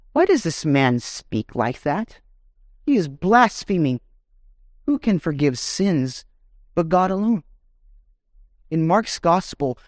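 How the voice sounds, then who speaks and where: A man's voice: a little high, darkish tone, no room sound, studio quality. A man preaching a sermon as pastor, reading scripture and rising to emphatic questions.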